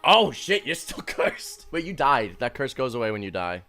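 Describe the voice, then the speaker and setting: A man's voice: medium pitch, sing-song, normal speed, pushed and bright, soft background music. A man running a tabletop game who rambles, hesitates and laughs easily. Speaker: game master.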